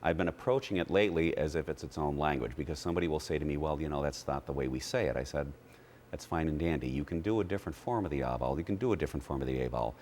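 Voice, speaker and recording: Very deep-voiced male voice teacher. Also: rapid-fire, darkish tone, a little hiss or hum. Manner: explanatory, demonstrating vowels. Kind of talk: TV interview, explaining with sung demos.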